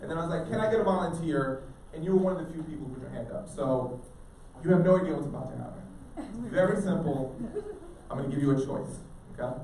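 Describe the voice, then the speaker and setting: A man speaking to students as a motivational speaker, playful and jokey, tossing questions to the crowd. His voice sits a little high. It rings through an echoey school auditorium, picked up from far off with a faint hiss. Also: quick pace, mellow. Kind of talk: live speech to students.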